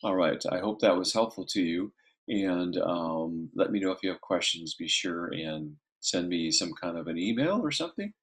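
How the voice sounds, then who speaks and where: A man's voice: sits low, expressive, normal speed. A man teaching a casual math lesson, talking through each step aloud and checking in with "okay" often.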